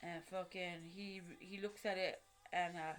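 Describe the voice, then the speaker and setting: A woman's voice: on the low side, fairly even intonation, a little slow, soft background music. A woman telling a personal story to camera in casual street slang, swearing often and correcting herself as she goes. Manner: rambling, frequent swearing and slang, many fillers and self-corrections.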